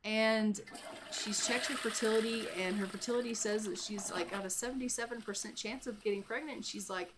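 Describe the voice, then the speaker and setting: A woman's voice: mid-range voice, fairly even intonation, a little fast, noisy background. A woman narrating a life-simulation game as an ongoing story, chatty and rambling, often repeating herself. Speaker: gameplay narrator. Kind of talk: life-sim let's play storytelling.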